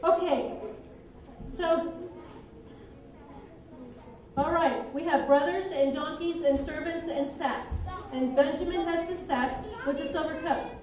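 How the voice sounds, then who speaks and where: A woman teaching children, narrating a Bible story and directing kids through a skit in a lively, brisk way. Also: high voice, crowd noise. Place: church room with children. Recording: echoey room, distant mic.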